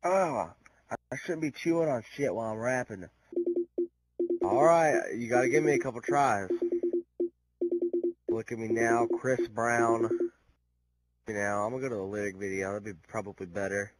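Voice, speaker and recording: Man, crude gamer, headset mic, profane outbursts, loud crowd noise from the game behind. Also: medium pitch, normal speed, long pauses, rough recording. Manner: crude, cursing, frustrated yelling. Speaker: gaming video creator. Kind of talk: rapping along to a song over gameplay, with profane outbursts.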